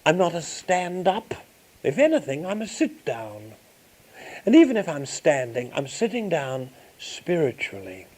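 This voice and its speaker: A man's voice: on the high side, huge pitch swings, measured pace, a little mellow, exaggerated voice, poor audio. A man as a grand Australian dame. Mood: grandiose. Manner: theatrical, grandiose, swooping delivery. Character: flamboyant grande dame female, Australian, vain and witty. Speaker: interviewee. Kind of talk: in-character interview.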